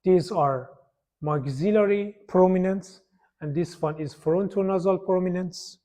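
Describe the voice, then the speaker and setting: High-voiced man lecturing on slides. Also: measured pace, mellow. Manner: repetitive, pointing at slides, non-native phrasing. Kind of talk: university lecture.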